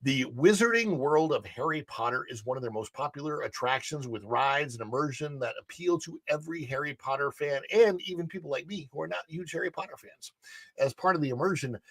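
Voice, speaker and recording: A man's voice: medium pitch, a bit bright, dry recording. A middle-aged man hosting a livestream news show, reading articles aloud with chatty asides and fillers. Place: studio.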